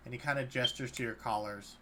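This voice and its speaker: A man's voice: mid-range voice, fairly even intonation, fast talker, sharp tone. A man narrating a tabletop game as game master, loosely, with many fillers. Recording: faint background noise.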